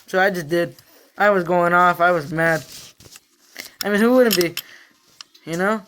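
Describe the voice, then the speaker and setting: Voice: mid-range voice, measured pace, a bit bright, a little hiss or hum. A sports fan vlogger giving a casual, rambling rant about the team, repeating themselves in frustration with lots of fillers and restarts.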